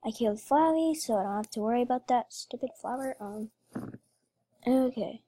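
Talking to her audience with lots of emotion during a let's play, a woman who makes gaming videos comments as she goes. She has a somewhat high, warm voice with a breathy edge and a moderate pace.

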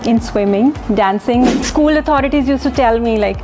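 A woman introducing herself as an award recipient, measured and pausing often with fillers. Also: a little high, noisy background. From India. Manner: measured, with frequent pauses and fillers. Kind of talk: self-introduction testimonial. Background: music.

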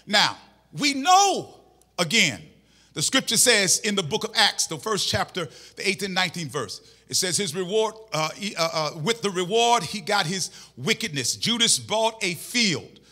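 High, fervent preaching man. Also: sing-song, normal speed. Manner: impassioned preaching, shouting and half-singing phrases. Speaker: pastor. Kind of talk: sermon. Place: church.

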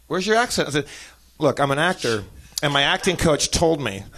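An American man telling a long comic story on a podcast, animated and profane, often laughing as he talks. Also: a little high, moderate pace, background noise. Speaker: podcast guest. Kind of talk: comedic storytelling.

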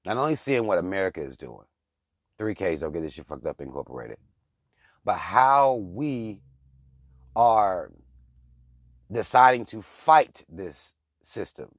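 A man's voice: low voice, sing-song, measured pace, pauses often, no echo, studio quality. A man hosting his own channel, giving blunt, profane, heated political commentary in a casual rant. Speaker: channel host.

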